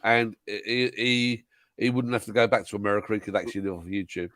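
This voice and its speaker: A man on a live chat show who talks haltingly, stumbling and repeating his words. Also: fairly low pitch, steady tone, fairly bright tone, no room sound. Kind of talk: casual chat.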